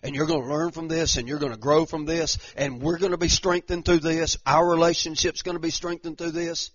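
Guy preaching hard, high voice, lots of repeats and restarts, dry dull sound. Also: fairly even intonation, brisk, few pauses, no room sound. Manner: impassioned preaching with repetitions and restarts. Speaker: pastor. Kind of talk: sermon.

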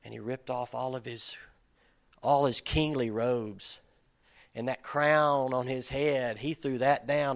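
A man's voice: medium pitch, fairly even intonation, slow pace. A middle-aged man giving an informal, conversational sermon, earnest and at times building to emphatic peaks. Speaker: pastor or Bible study leader.

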